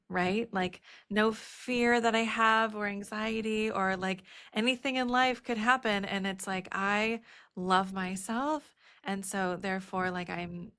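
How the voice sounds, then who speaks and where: A woman's voice: mid-range voice, gravelly, fairly bright tone. A woman in her thirties hosting a podcast about birth, talking earnestly in casual chat, full of "like" and "you know". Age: 30s. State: teary, emotional. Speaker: podcast host, birth educator.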